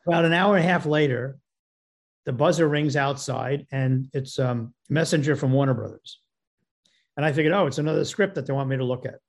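A man, a film producer and director, telling a story as a guest and acting out both sides of phone calls in an animated way. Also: mid-range voice, fairly quick. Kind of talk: storytelling anecdote.

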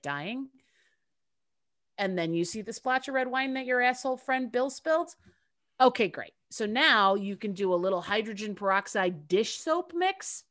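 A woman co-hosting a casual podcast chat, telling a story in a lively, swearing, joking way. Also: medium pitch. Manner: lively, profane, storytelling with asides. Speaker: podcast co-host.

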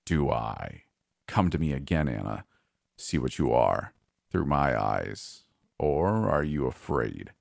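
Man doing evil mirror monster, horror reading; extremely deep, slow, taunting. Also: sing-song, vocal fry, no room sound, studio quality, full character voice. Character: evil male mirror monster, mocking and cruel.

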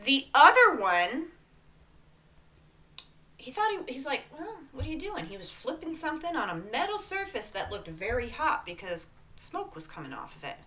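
Podcast co-host, woman, chatty storyteller, animated, bright and fairly high voice. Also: normal speed. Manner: animated, acts out quotes, asks "right?" often. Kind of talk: casual chat, storytelling.

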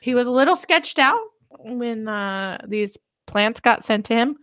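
A woman's voice: fairly high pitch, lively intonation, unhurried, fairly bright tone, clean tone, no echo, clean studio sound. A woman co-hosting a podcast, telling stories casually with frequent giggles. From Colorado. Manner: giggly storytelling. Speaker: podcast co-host. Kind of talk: casual chat.

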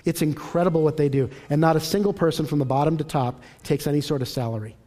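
A man's voice: fairly high pitch, fast. A man teaching a church lesson in a conversational, storytelling way, acting out the dialogue in his anecdotes. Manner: lively storyteller who acts out dialogue, conversational. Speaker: Christian teacher. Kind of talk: sermon-style teaching with personal stories.

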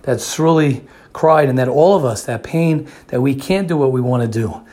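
A man's voice: medium pitch, moderate pace, warm tone. A man giving a sermon who repeats phrases for emphasis and often restarts his sentences. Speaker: religious speaker.

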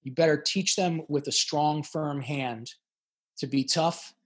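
A man's voice: a little high, slow, a bit bright, breathy edge. A middle-aged man as a podcast guest, talking intensely and emphatically about hard experiences, often repeating words as he gets worked up. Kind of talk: emotional interview talk.

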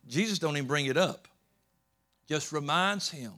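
A man preaching a sermon, swinging between loud emphatic peaks and low soft storytelling, often repeating words and restarting. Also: normal speed. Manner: rising to loud emphatic peaks, then dropping low and soft while retelling scripture.

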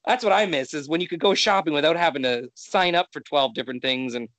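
A man's voice: fairly high pitch, quick pace, a bit bright, no room sound. A man from Canada co-hosting a podcast, chatting casually and ranting with exasperation. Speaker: podcast co-host. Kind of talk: casual chat.

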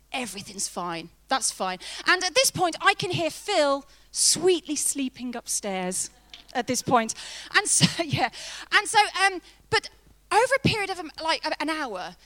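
A woman's voice: high voice, a bit bright. A woman in her thirties preaching a sermon, telling a personal story in a chatty, humorous way with emphatic build-ups.

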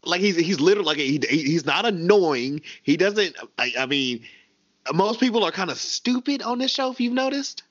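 Man, podcast co-host, casual chat, lively pitch, stammers and restarts, dry dull mic. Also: normal speed, no echo. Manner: loose and animated, stammers and restarts, swears freely. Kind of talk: casual chat recapping a TV show.

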